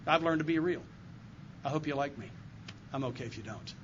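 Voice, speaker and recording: An older AA circuit speaker addresses a meeting audience directly, his recovery testimony earnest and heartfelt. His voice runs on the high side and a little fast. The meeting room talk comes through a dull lo-fi live recording with background noise.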